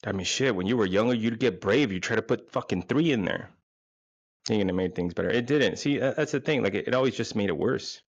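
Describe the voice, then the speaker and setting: A man's voice: on the low side, a little fast, dry recording, highs cut off. A man in his forties, hosting with a crude, rambling, self-mocking comedic monologue. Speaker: podcast host.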